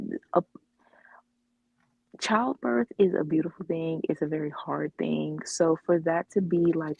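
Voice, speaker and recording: A woman's voice: sits low, vocal fry, darkish tone, slightly rough, no echo, highs cut off. A woman co-hosting a casual comics podcast, talking in a rambling way with many fillers and restarts. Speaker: podcast co-host. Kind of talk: casual chat about comics.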